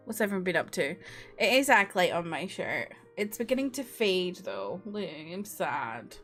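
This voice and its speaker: A woman's voice: fairly low pitch, very animated, normal speed, fairly bright tone, faint music behind. A young woman with a Scottish accent, chatting casually with her livestream chat from home, laughing and swearing now and then. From Scotland. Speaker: streamer. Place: home room.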